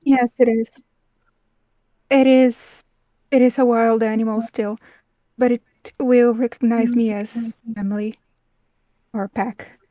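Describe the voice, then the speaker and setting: A woman playing an elf character in a tabletop game, answering in a slow, low-key way. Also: little pitch movement, mellow, dry recording. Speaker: player voicing an elf character.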